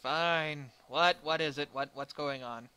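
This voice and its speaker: A man's voice: fairly high pitch, unhurried, bright, forceful tone, slight background noise. A man playing a grumpy, reluctant male pilot who grumbles and answers with sarcasm in a tabletop game. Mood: grumbling.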